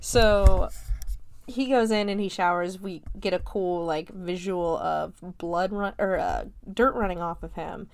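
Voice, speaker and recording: A woman's voice: on the low side, unhurried. A woman in her late twenties recapping a film in a casual, chatty way, swearing freely, laughing often and filling her talk with "like.". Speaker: film reviewer.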